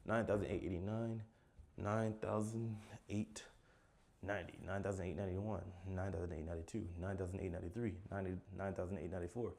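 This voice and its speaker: A man's voice: deep voice, steady tone, very fast, hardly any pauses, mellow. A man counting numbers aloud for a sleep video, tired and plodding, with sighs and occasional slips. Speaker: content creator.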